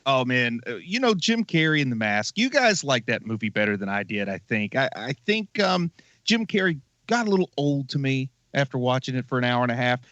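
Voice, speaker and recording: Wry man with an animated voice. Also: mid-range voice, a little fast, no echo. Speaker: podcast co-host. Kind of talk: casual podcast chat. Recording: slightly dull lo-fi audio.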